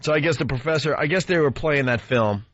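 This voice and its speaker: Relaxed male radio host. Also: fairly high pitch, fairly quick, no echo, highs cut off. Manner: relaxed, conversational, with fillers. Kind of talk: casual radio banter, introducing clips.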